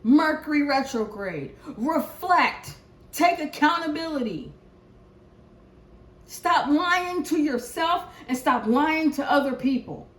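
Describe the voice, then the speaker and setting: High-voiced woman in a ranting tarot read, echoey. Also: sing-song, slow, long pauses. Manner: profane, preachy, swings from shouting to hushed prayer. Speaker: tarot reader. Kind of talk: impassioned collective reading rant.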